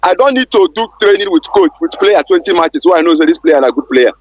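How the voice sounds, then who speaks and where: Brief: high-voiced Nigerian male caller, dry sound, fired up and insistent. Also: expressive, fast, no echo, muffled recording. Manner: irate, insistent. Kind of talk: heated phone-in rant.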